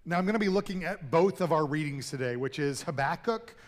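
A man's voice: fairly high pitch, lively intonation, fairly quick. A male pastor giving a sermon, telling a story conversationally and then praying earnestly.

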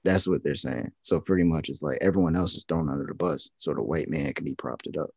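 A man's voice: extremely low pitch, brisk, creaky, a little mellow, husky, no room sound. A man in casual chat as a podcast co-host, rambling loosely with many fillers and restarts. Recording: dull lo-fi sound.

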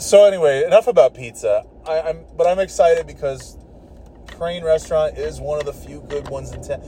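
Man, casual vlog rant from a car, mellow dark voice, lots of swearing and false starts. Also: on the high side, moderate pace, a little hiss or hum. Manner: profane, rambling, exasperated, with frequent restarts.

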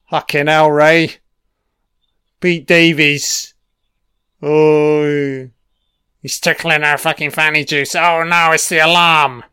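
A man's voice: a little high, level tone, takes it slowly, pauses often, sharp tone, smooth, no room sound, studio quality. A man giving a casual, profane commentary on a film, swearing constantly and cheering at the screen.

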